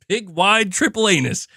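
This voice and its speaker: Animated, profane man on gaming commentary. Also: sits high, vocal fry, husky, dry recording, studio quality. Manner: animated, profane, restarts often, mocking impressions. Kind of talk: casual commentary chat.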